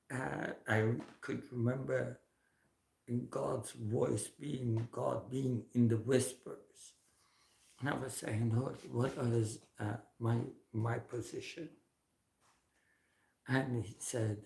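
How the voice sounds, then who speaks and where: A man minister telling a testimony in slow, earnest storytelling to an online audience. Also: medium pitch, creaky, darkish tone, echoey room.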